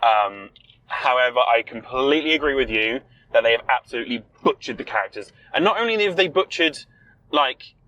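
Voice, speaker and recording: A young man co-hosting a podcast in casual chat, talking in an opinionated, emphatic way with quick rebuttals. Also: mid-range voice, lively intonation, bright, forceful tone, dull audio. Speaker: podcast co-host.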